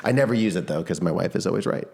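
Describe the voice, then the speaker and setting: A man co-hosting a podcast in casual chat, rambling easily and laughing often, his voice a little hoarse from shouting. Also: sits low, expressive, rapid-fire. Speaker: podcast co-host, music teacher.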